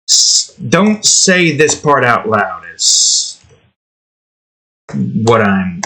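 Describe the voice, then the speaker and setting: A man's voice: lowish voice, big pitch swings, slow, pauses often, pushed and bright, breathy edge. A man hosting an art video, rambling in a profane, sarcastic way while he draws. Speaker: art channel host. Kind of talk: casual commentary while drawing.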